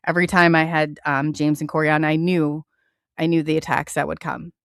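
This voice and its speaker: A woman hosts a live radio talk show, speaking with earnest passion and frequently restarting her sentences. Her voice sits fairly low. The sound is dry and close, with no room around it. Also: flat delivery, fairly quick, clear, resonant tone, dry recording. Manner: impassioned and earnest, with many restarts.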